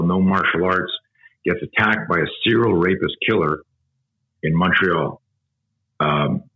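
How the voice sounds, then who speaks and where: Deep-voiced man telling an intense story. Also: phone-quality sound. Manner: emphatic, profane, vivid storyteller. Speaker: guest, self-defense instructor. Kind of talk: intense storytelling in a podcast interview.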